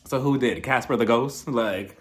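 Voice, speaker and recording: A man casually recapping a reality TV episode, gossipy and animated, acting out what the cast said. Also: medium pitch, normal speed. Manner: animated, gossipy, acts out quotes in voices.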